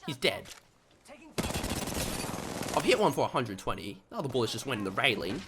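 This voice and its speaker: A man's voice: high voice, huge pitch swings, normal speed, noisy background, pitched above the performer's own voice. A young man putting on a playful mock British-style accent while calling out plays during a live match. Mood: excited. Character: cocky young male British-style gamer. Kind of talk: live gameplay chatter.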